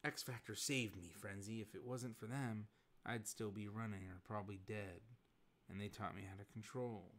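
A man's voice: on the low side, steady tone, moderate pace, fairly bright tone, natural voice. A man reading a comic aloud and voicing a young male mutant who defends himself earnestly.

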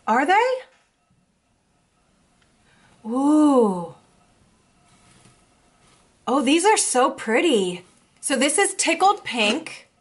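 Young female beauty vlogger, bright and excitable, with a high voice that jumps around a lot. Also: extremely slow, pauses often. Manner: gushing, excitable. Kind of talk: casual unboxing chat.

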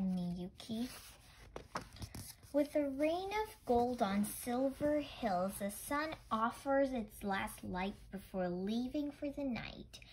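A woman reading a children's storybook aloud gently and carefully, with occasional stumbles. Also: a little high, slight background noise, low-quality recording. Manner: gentle, careful, small misreadings. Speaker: storybook reader.

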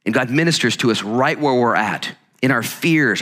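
Male pastor, sermon; bright tone, energetic conversational delivery, acts out quotes. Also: medium pitch, brisk, few pauses. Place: church sanctuary. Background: congregation present.

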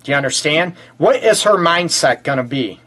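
A man from the Detroit area hosts a relationship talk show in a loose, joking way. His voice sits fairly high for a man, and he cuts in often with quips. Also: lively intonation, moderate pace, a bit bright. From Detroit area, USA. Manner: joking, interjecting. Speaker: host and counselor. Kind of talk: casual chat show.

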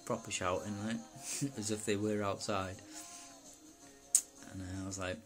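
A man from Wales recounting a personal experience in a rambling, halting way, full of fillers and asides. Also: on the low side, flat delivery, over music. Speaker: personal testimony speaker.

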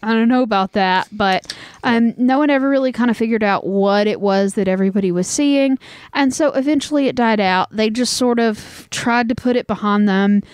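A woman's voice: fairly high pitch, moderate pace, darkish tone, clean tone, no echo. A young woman with a Southern US accent co-hosting a podcast, telling a story in a rambling, casual way full of fillers. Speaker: podcast co-host.

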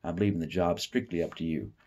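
A man reading aloud voices God as a calm, fatherly, plain-spoken figure. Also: sits low, fast. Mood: reassuring.

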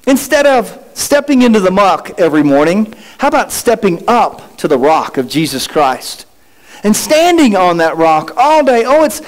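Lively high-voiced male pastor. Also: poor audio. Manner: animated, rhetorical questions, playful asides. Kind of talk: sermon.

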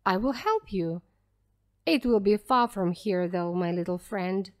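A woman voicing a grown male gentleman who speaks earnestly and gently, in a storybook read for English learners. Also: medium pitch, expressive, a little slow, lightly acted. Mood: tender.

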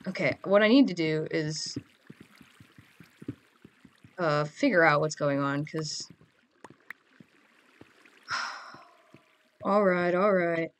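A woman's voice: low voice, drawn-out words, long pauses. A teenage girl giving casual, goofy gameplay commentary, chatting and rambling to her audience. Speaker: gamer.

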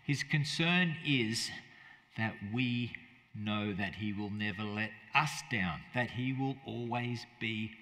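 A man's voice: on the low side, slow, sharp tone, in a large hall. A man preaching a conversational sermon as pastor, often asking his listeners rhetorical questions.

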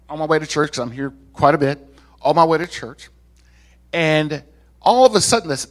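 Pastor guy with a high voice preaching, chatty and joking with the church. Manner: animated preaching with audience asides and laughter. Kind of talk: sermon. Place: church sanctuary.

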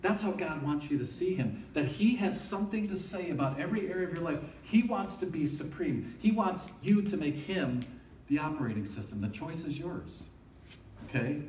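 A man's voice: fairly high pitch, animated, normal speed, darkish tone, a little hiss or hum. A man giving an informal, conversational sermon to students, often checking in with his listeners. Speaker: campus ministry speaker. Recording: echoey room, voice from a distance.

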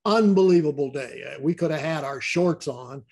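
A man's voice: fairly high pitch, normal speed, creaky. Older man telling stories in rambling chat. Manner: rambling, repeats words, warm storyteller. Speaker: guest. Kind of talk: casual interview chat.

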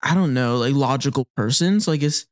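A man's voice: mid-range voice, brisk. Laughing man recapping anime. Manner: animated, laughing, acting out character lines. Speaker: podcast co-host. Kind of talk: casual chat recapping an anime.

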